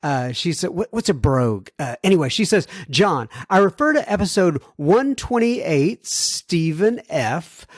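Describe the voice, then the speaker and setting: A man's voice: a little high, sing-song, a little slow, hardly any pauses, no room sound, clean studio sound. An American man hosting a podcast, reading listener letters in a casual, rambling way that keeps drifting into apologetic tangents. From United States. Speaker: podcast host.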